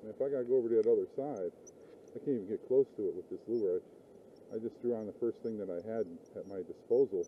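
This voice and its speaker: A man's voice: on the low side, fast, a little hiss or hum. A man narrating his fishing outdoors by a river, talking casually and rambling, swearing when things go wrong. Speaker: fishing vlogger. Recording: tinny lo-fi outdoor audio.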